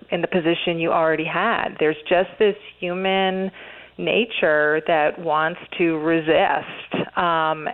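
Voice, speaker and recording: A woman being interviewed, talking earnestly with many fillers and restarts. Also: on the low side. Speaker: interview guest, author. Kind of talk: radio interview, conversational. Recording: phone-line interview audio.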